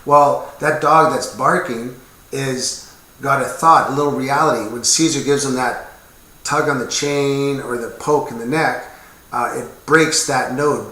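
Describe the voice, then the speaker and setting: A man in his fifties talks casually and earnestly to camera, rambling a little and dropping wry asides. His voice has a bright, forceful edge. The sound bounces around a roomy, echoey space. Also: medium pitch. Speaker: military veteran sharing his experience. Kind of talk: casual explanatory talk to camera. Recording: echoey room.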